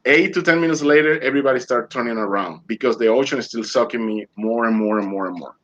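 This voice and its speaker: A man's voice: medium pitch, fast talker, a bit bright. Male guest, dramatic storyteller, broken English, muffled call audio. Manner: vivid storyteller who acts out his own quoted lines; loose non-native English grammar. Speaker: interview guest. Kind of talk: casual storytelling interview.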